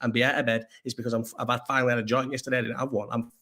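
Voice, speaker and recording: A man's voice: medium pitch, level tone, racing, a bit bright. A young man chatting casually on a livestream, rambling and swearing, with a sore throat. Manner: rambling, sweary, restarts often. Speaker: host.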